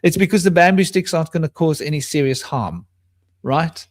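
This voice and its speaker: A man's voice: a little high, moderate pace, no room sound. A man chatting casually about spiritual topics on a video call, rambling with frequent restarts. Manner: talks in a soft baby voice to a small pet bird. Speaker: co-host.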